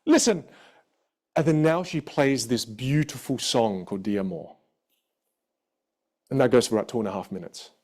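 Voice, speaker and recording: A man teaching a live online masterclass as a vocal coach, telling stories in an animated, expressive way. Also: mid-range voice, moderate pace, pauses often.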